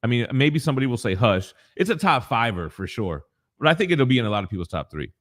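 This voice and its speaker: A man's voice: mid-range voice, big pitch swings, fast talker, a bit bright. Slangy, hype man on a live stream. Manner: slangy, hype, swears freely; reads chat messages aloud. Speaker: co-host of a collectibles morning show. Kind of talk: casual live-stream chat. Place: home basement.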